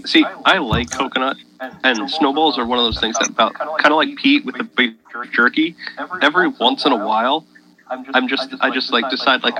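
A man hosting a casual podcast, explaining each matchup in a relaxed way. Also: mid-range voice, normal speed, poor audio. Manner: explanatory, runs the segments. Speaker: podcast host. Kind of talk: casual chat.

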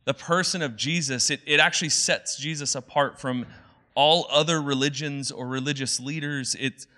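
A man's voice: on the high side, moderate pace, pushed and bright. A man in his thirties preaching a casual, conversational sermon, chatty with many fillers and playful asides. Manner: chatty, many fillers, quoting movie lines in playful voices. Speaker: pastor.

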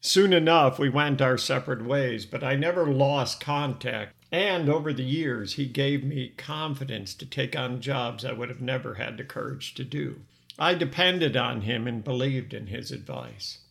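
A man's voice: medium pitch, moderate pace, vocal fry, a bit bright. An older man hosting a podcast, telling his own life story in an earnest, reflective scripted narration. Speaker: podcast host.

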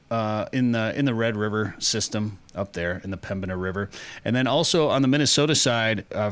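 A man's voice: fairly low pitch, fairly bright tone. A man co-hosting an outdoors radio show, chatting casually and reading news items with a joking manner.

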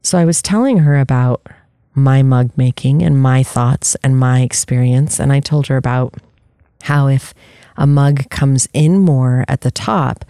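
A candid, reflective podcast host who talks through personal stories and often restarts sentences while feeling for the right words. The voice is mellow and smooth. The recording is dry, with no room sound. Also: medium pitch, measured pace, no room sound. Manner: candid, searching, with frequent restarts.

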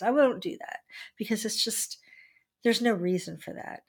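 A woman's voice: a little high, normal speed, slightly rough. Middle-aged woman in an interview, candid and reflective, just telling her story straight.

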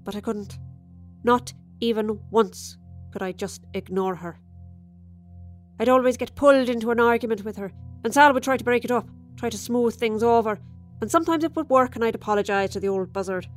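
A woman's voice: medium pitch, natural voice. A woman playing a bitter, tipsy Irish widow. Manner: chatty, confiding, with sudden flashes of resentment. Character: bitter, tipsy middle-aged Irish widow talking over dinner. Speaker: storyteller. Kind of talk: dramatic monologue reading.

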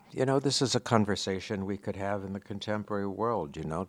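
Low-voiced man preaching a reflective sermon. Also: fast, hardly any pauses, no echo. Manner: reflective, explanatory teaching with asides.

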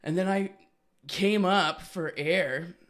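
A man with a slightly raised voice tells a story on a casual podcast. He acts out the other people in it, with plenty of laughter along the way. His delivery is loose, lively and conversational. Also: sits high, slow. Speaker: podcast host.

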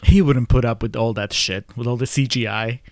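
A man co-hosting a podcast, picking apart a film in casual chat, often chuckling and pausing with uhs. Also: medium pitch, steady tone, no room sound, clean studio sound. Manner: chuckling, hesitant with uhs, posing hypotheticals. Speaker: podcast co-host. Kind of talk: casual movie review chat.

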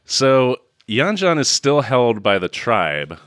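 A man co-hosting a casual podcast, telling a movie's plot with sarcasm. His pitch jumps around a lot as he laughs at the absurd parts, and the recording is close and dry. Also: big pitch swings, takes it slowly, fairly bright tone, dry recording. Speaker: podcast co-host. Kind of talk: casual movie recap chat.

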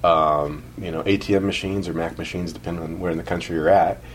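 A man co-hosting a podcast chats and jokes casually in a low voice with fairly even intonation. His talk rambles and halts, packed with fillers and restarts, over slight background noise.

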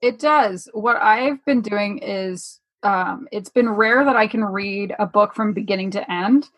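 A woman on a casual podcast chat, making deadpan jokes. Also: mid-range voice, a little slow, breathy edge, no room sound. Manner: deadpan, joking. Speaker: podcast guest.

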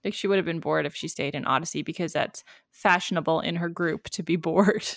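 A woman in her thirties with a low, gravelly voice talks casually as a podcast co-host. She tosses in wry, ironic asides and laughs often. The sound is dry and close. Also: fairly quick, no room sound. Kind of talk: casual chat.

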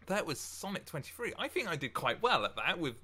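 A young man hosting a casual podcast chat, tired and halting, with many fillers and restarts. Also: a little high, very animated, sharp tone, husky. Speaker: podcast host. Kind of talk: casual chat and poetry reading.

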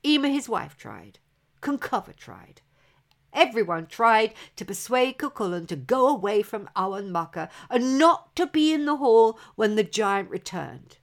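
Woman storyteller, unhurried and dramatic, for a spoken legend. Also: on the high side. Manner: slow, dramatic, expressive telling. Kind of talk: oral storytelling of an old legend.

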